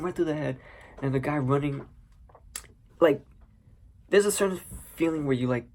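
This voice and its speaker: A man giving a casual spoiler review of a movie, animated and acting out scenes with sound effects. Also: a little high, normal speed, long pauses. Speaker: movie commentator.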